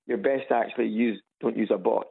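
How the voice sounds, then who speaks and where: Scottish man from Edinburgh calling a radio show, easygoing and hesitant, raspy over a tinny loudspeaker phone. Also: fairly low pitch, fairly even intonation, fast talker. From Scotland. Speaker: caller. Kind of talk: casual phone chat.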